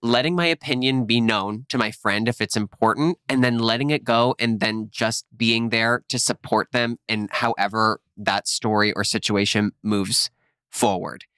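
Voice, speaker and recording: A man's voice: on the low side, fairly even intonation, moderate pace, sharp tone, clear, resonant tone, no echo, clean studio sound. Upbeat, encouraging man podcast co-host. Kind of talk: casual podcast chat.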